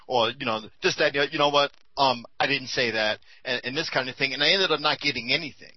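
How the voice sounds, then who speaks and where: A man's voice: fairly high pitch, brisk, no room sound. Man, casual talk, rambling, tired, dry dull sound. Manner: laid-back, rambling, with many fillers. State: tired and a bit high. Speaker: commentator on a talk show.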